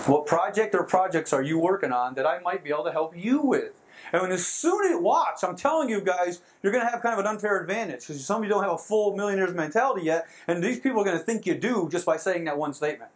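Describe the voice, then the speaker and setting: High-voiced excitable male seminar trainer. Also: fast talker, slight background noise, rough recording. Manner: excitable, laughs at his own jokes. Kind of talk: motivational seminar talk. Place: seminar room before a live audience.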